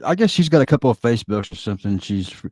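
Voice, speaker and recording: A man's voice: mid-range voice, very animated, rapid-fire, darkish tone, no echo, studio quality. A man co-hosting a livestream, chiming in with brief, laid-back remarks. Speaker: co-host. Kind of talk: casual chat.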